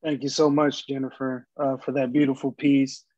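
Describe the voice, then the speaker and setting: A man hosts a virtual poetry event, thanking poets with hesitant remarks full of ums. His voice is flat in pitch, and it comes through dry and dull, like lo-fi call audio. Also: normal speed, no room sound. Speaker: event host. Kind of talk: casual hosting. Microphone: video call.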